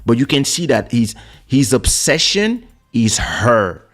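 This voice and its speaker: Slow-paced and mid-range in pitch, a man who hosts a podcast and makes music tells a personal story casually. He's an animated storyteller, acting out the voices in his quotes, and he's captured on a studio podcast microphone.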